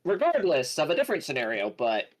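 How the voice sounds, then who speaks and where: A woman's voice: deep voice, wildly swooping pitch, fast talker, a little mellow, slight background noise. A woman in casual chat with friends, telling a story animatedly with crude jokes.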